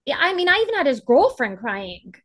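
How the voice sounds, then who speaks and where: A woman's voice: high voice, sing-song, brisk, a bit bright. A woman advocate speaking as a guest on a podcast, talking with passion and emphasis, often acting out what others said. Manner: impassioned, emphatic, acts out quotes. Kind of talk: podcast interview.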